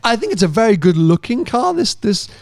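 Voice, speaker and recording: A man chatting on a car podcast, animated, lively and quick to laugh. His voice sits a little higher than most men's. The sound is dry and close, with no room around it. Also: vocal fry, no echo. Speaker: podcast co-host. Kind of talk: casual chat.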